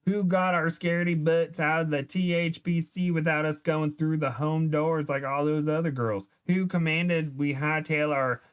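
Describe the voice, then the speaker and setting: A man's voice: fairly high pitch, steady tone, normal speed, few pauses, clear, resonant tone, voice pushed up, close to an everyday voice. A man voicing a brash young woman in a put-on hillbilly twang. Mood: rousing. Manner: bold and bossy. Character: brash young woman rallying her friends.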